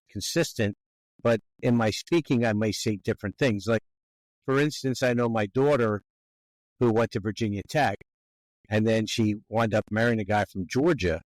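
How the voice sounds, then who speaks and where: A man with a Philadelphia accent hosts a podcast in a fairly low voice. He asks his questions in a folksy, rambling way, with long wind-ups. The recording is close and dry. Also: no echo. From Philadelphia area. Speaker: podcast host. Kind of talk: conversational interview questions.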